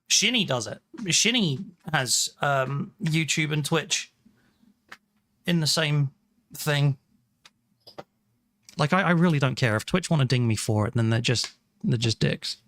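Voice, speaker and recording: Here an English-accented man from England speaks in a fairly high, fairly bright voice, expressive and unhurried, with frequent pauses. Streaming live from a small home room, he chats casually, names viewers as he thanks them, keeps apologizing, and starts sentences over.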